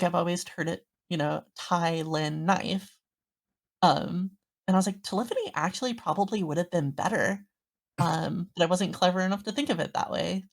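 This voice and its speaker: A woman's voice: on the low side, gravelly. A woman guest on a podcast, chatting casually and rambling through a story with lots of fillers. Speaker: guest streamer.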